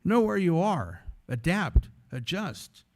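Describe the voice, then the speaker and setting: A man from San Antonio, a former radio host, telling stories as a guest speaker in a lively, conversational way and acting out the voices in them. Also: sits high, slow. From San Antonio, Texas. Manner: animated, conversational storytelling that acts out the voices in it. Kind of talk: storytelling sermon talk.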